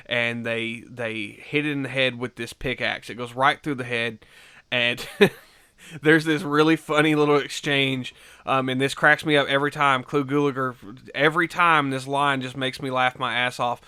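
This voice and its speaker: A man's voice: mid-range voice, steady tone, normal speed, sharp tone, smooth, no room sound. A man giving a casual film review, rambling through the plot with lots of fillers and swearing. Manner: loose rambling retelling full of fillers and swearing.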